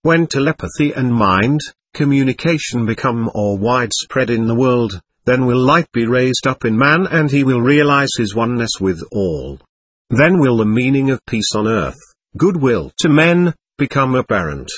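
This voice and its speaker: Earnest male reader, measured and solemn; husky, lively pitch, dry sound. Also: no echo. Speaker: narrator. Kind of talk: solemn reading of a spiritual text.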